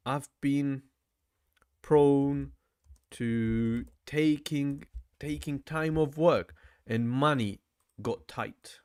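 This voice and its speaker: A man's voice: medium pitch, clean tone. Chatty man repeating words aloud. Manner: thinks aloud, repeats words, says "bro" often. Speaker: language learner vlogger. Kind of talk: casual study vlog.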